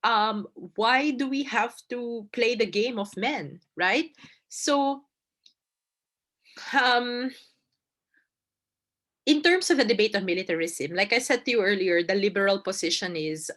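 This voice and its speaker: A woman's voice: a little high, unhurried, fairly bright tone. Emphatic woman giving a casual lecture. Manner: conversational, frequent "right?" and "you know" asides; emphatic, repeats phrases for stress. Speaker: debate lecturer.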